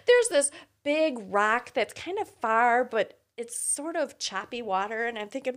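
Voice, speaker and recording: Middle-aged woman, high and very lively pitch, animated storyteller who laughs a lot; casual chat. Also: unhurried, hardly any pauses.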